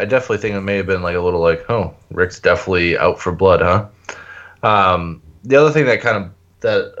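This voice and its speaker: A man's voice: on the low side, fairly bright tone, dull audio. A man co-hosting a casual podcast chat about a TV show, laid-back, with frequent laughs and fillers. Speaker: podcast co-host.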